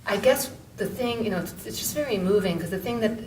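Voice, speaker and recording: A middle-aged woman author telling a story on a panel, halting, with many restarts and fillers. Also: expressive, a little mellow. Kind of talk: conversational storytelling. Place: book event room, indoors. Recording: echoey room, mic far off, faint rumble.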